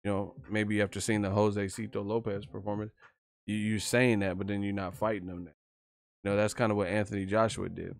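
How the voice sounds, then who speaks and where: A man's voice: on the low side, level tone, brisk, gravelly, no room sound. A young man giving casual, profane live-stream boxing commentary, joking and laughing loosely.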